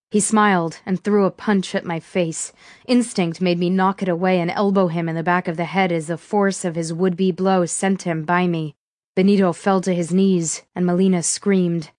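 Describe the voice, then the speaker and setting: A woman reading a first-person thriller audiobook in a steady, measured way. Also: lowish voice, no room sound, studio quality. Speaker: audiobook narrator.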